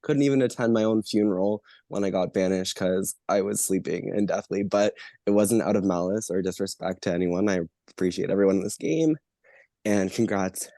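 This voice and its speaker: Sick, low-voiced man, a bit winded. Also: brisk, vocal fry, mellow, dry recording, studio quality. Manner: earnest, slightly winded. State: sick, coughing. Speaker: juror questioning a finalist. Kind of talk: casual online call.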